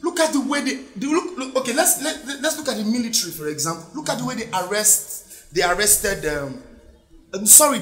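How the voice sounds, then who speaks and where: High-pitched Nigerian comedian, animated. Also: male voice, roomy sound. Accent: Nigerian English with Pidgin. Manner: animated storytelling, mixing English and Pidgin, sudden shouts. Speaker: stand-up comedian. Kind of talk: stand-up comedy set. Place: stage in front of a live audience.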